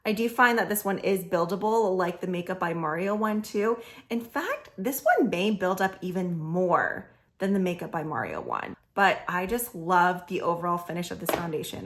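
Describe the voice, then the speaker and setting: A woman beauty vlogger chatting casually through a makeup tutorial, full of "like" fillers, a little hoarse as she says she is losing her voice. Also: on the low side, slight background noise.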